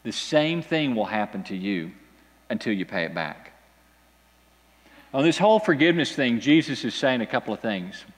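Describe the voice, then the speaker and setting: A man preaching a sermon to a congregation, telling a scripture story with animated, dramatic delivery and big swings in pitch. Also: normal speed, long pauses, long reverb tail. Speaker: pastor. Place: church hall with an audience.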